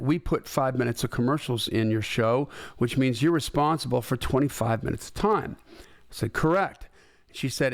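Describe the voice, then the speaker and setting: Middle-aged man, mid-pitched, lively storyteller, dry studio sound. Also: dry recording. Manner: animated, conversational, acts out quoted dialogue. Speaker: host. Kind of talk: storytelling talk.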